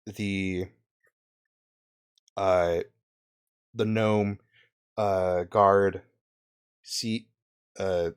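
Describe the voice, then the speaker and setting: Slow, low-voiced young game master. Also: male voice, fairly even intonation, clean tone. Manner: hesitant, many fillers and restarts. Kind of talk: narrating a tabletop game.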